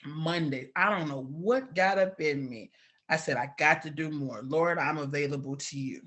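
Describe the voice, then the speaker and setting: Candid woman telling her story, animated. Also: low voice, normal speed. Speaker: guest. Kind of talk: personal testimony in conversation.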